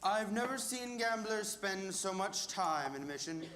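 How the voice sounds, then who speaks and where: A stern, wisecracking cop, speaking slowly and deliberately in a fairly high voice. He sounds sardonic, with faint noise in the background. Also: animated, sharp tone, exaggerated voice. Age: teens. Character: gruff wisecracking male police officer. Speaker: high school stage actor. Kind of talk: live musical theatre dialogue. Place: school auditorium stage.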